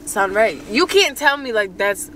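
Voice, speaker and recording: A woman's voice: medium pitch, big pitch swings, measured pace, sharp tone, slight background noise. A young woman co-hosting a couple's mukbang vlog, talking bluntly and playfully about food from inside a car. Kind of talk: casual mukbang chat.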